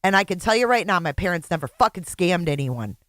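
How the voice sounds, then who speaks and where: A woman's voice: lowish voice, animated, brisk, a bit bright, no room sound, studio quality. A woman host reacting to a clip with blunt, angry commentary and heavy swearing.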